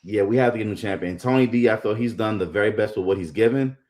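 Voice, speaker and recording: A man co-hosting a casual wrestling live stream, giving his takes playfully, joking and repeating words when excited. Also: on the low side, quick pace. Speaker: co-host.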